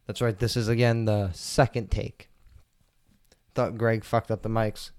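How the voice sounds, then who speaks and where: A man's voice: on the low side, little pitch movement, measured pace, a little mellow, smooth, dry recording, clean studio sound. A man hosting his own podcast from a table at home, rambling and swearing in a laid-back way while he is stoned. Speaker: podcast host. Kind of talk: casual solo podcast chat. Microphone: table mics.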